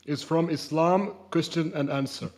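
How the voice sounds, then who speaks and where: A man in an online voice-chat debate, reading quoted passages aloud at a measured pace. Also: a little high, steady tone, darkish tone.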